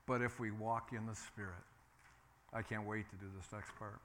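Male pastor mid-sermon, bright forceful tone, emphatic, repeats himself, calls for responses. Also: lowish voice, steady tone, normal speed, slight background noise.

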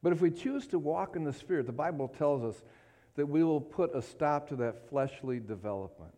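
A man's voice: on the high side, animated, moderate pace, mellow. A man preaching a sermon, emphatic and fervent, often asking the congregation for an amen and rising to impassioned peaks. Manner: emphatic, calls for amens, rises to fervent peaks.

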